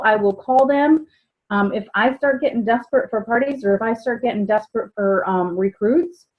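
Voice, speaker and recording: A woman with a slightly high voice coaches new sellers in a loose, chatty way. She keeps slipping into little acted dialogues to show how a customer talk goes. The sound is dull and lo-fi. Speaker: sales trainer. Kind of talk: casual training talk.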